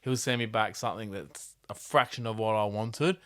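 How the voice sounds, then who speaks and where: A man's voice: lowish voice, normal speed, fairly bright tone, smooth, no room sound, studio quality. A man hosting a podcast, laid-back and slangy, swearing freely as he chats. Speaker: podcast host. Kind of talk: casual chat.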